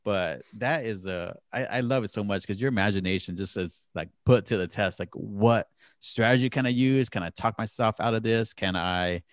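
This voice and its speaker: A man's voice: lowish voice, normal speed, no room sound, clean studio sound. A man co-hosting a podcast in casual chat, talking enthusiastically and laughing often. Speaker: podcast co-host.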